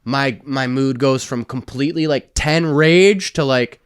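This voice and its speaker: A man guesting on a comedy podcast, telling profane, animated stories in casual chat, on a close studio mic. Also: medium pitch, unhurried, clear, resonant tone, dry recording.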